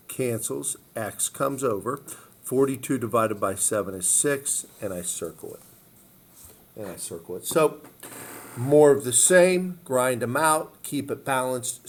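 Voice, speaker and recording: A male math teacher walking students through worked problems step by step, often checking in with "okay?" and "all right?". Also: medium pitch. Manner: step-by-step, repeats phrases, frequent "okay?" check-ins. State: hiccups. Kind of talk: recorded math lesson walkthrough.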